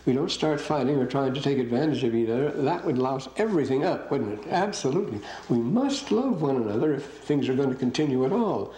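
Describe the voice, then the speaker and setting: A man's voice: mid-range voice, lively intonation, a little fast, hardly any pauses, dark tone, poor audio. An older man giving a classroom lecture, reading verses aloud and breaking in with rambling comments to his students.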